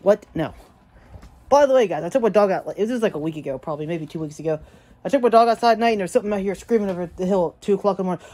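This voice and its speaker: A woman vlogging casually at home, rambling excitedly and chatting to her pets. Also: medium pitch, racing. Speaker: daily vlogger. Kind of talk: casual rambling vlog chat. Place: at home, yard and indoors.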